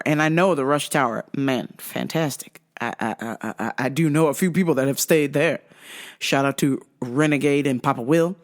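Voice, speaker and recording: A woman host telling a story in a casual, animated and profane way. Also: very deep voice, moderate pace. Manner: animated, profane, laughing often.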